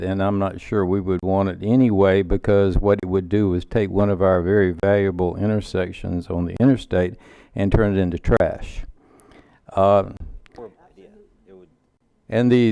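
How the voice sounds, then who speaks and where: A Southern-accented man speaks at a council meeting, firm and emphatic. His voice sits low and smooth. The sound is dry and close. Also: warm tone, dry recording. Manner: emphatic, measured. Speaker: county council member.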